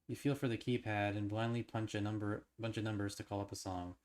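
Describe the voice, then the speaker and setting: A man's voice: lowish voice, brisk. A man streaming as he reads an interactive horror novel aloud, now and then tripping over words and breaking off to theorize eagerly. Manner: stumbles and restarts while reading, then breaks into excited theorizing. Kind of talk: reading a novel aloud on a livestream.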